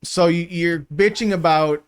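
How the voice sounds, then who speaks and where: A man's voice: on the high side, measured pace, clean tone. A man co-hosting a podcast, pushing back in casual debate chat with dry, profane remarks. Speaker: podcast co-host.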